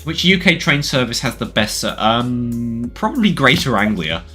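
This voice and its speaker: A man's voice: medium pitch, very animated, over music. A man with a South London accent, chatting casually and jokingly while streaming a game. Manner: jokey, rambling, quick to laugh.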